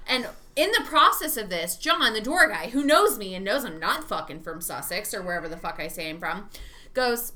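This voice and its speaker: A tipsy woman telling stories in casual chat, animated and swearing freely. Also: medium pitch, brisk, hardly any pauses. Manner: animated, profane storyteller. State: tipsy from drinking.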